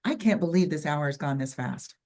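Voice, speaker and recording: An older woman with a Southern US accent hosting an online workshop over a video call, chatty and halting with frequent ums and restarts. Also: low-pitched, lively intonation, darkish tone. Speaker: webinar host.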